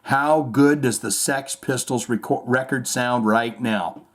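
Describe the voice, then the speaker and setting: In an unhurried, mid-range voice, a man hosts a casual show where he reads out music news. He goes off on irreverent, rambling tangents, swears freely, and delivers quotes in a mocking read.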